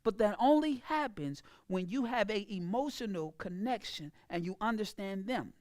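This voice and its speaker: A woman's voice: mid-range voice, animated, moderate pace, darkish tone, no echo, studio quality. A woman business coach giving an emphatic, preachy motivational talk about sales, speaking. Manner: emphatic, preachy, acts out clients in a mocking voice.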